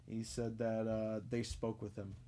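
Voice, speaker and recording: A man's voice: on the low side, little pitch movement, unhurried, mellow. A young man telling a long comic story in a casual, rambling way, swearing often and leaning on lots of fillers. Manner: rambling, profane, with frequent fillers. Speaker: podcast storyteller.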